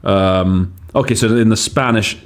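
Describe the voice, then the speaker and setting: A man with a lowish, slightly slow voice hosts a podcast about interpreting. As an interpreting teacher, he casually explains word choices, thinking aloud and hesitating often.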